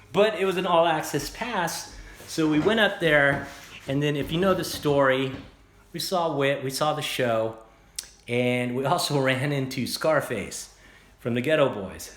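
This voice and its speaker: Man, casual, rambling, animated storyteller, home workshop, roomy sound, mid pitch. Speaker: vlogger showing his guitars. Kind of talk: casual storytelling and show-and-tell. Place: room at home, guitar workshop.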